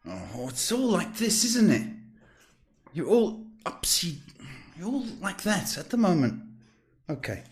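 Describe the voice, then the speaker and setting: A man's voice: high voice, measured pace, husky. Chatty South African man giving tarot advice. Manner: animated, chatty, calls viewers sweetheart. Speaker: psychic tarot reader. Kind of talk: live-stream reading, casual advice.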